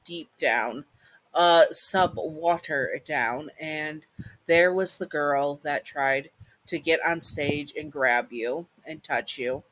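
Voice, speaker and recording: A woman's voice: deep voice, fairly bright tone, no room sound, poor audio. Rambling, chatty woman storyteller. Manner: rambling, chatty, many asides. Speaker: storyteller and channel host. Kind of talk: casual story narration and chatty outro.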